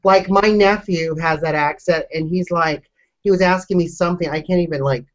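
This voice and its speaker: A man with a high voice co-hosting a podcast, bantering playfully and teasingly. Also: fairly even intonation, moderate pace. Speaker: podcast co-host. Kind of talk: casual chat. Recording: dull lo-fi recording.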